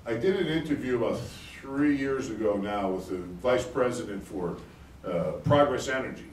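A middle-aged man giving a live conference talk in an animated, excitable way, laughing as he speaks. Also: medium pitch, moderate pace, a little hiss or hum. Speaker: conference speaker, energy advocate. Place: conference hall. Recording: roomy hall, distant mic, faint ambience.

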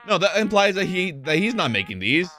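Excitable, foul-mouthed gamer guy. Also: high-pitched, fairly quick. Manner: excitable, profane, reads game text aloud. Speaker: streamer. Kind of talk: casual gameplay commentary.

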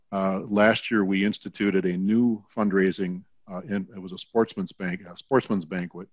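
A man explaining a fire department decision in a measured, hesitant way. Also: low-pitched, dry recording, dull audio. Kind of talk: video call panel discussion.

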